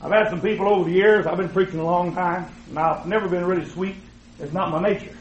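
An older man preaching a fiery, folksy sermon in a church, swinging from shouted lines to low asides. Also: fairly even intonation, fast. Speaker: pastor. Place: church sanctuary with congregation. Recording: muffled, echoey church recording with crowd.

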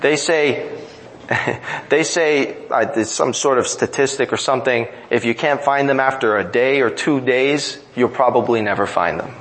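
A man's voice: medium pitch, unhurried, a bit bright, rough recording. A man preaching a sermon in an earnest, emphatic way, driving points home through repetition. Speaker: pastor.

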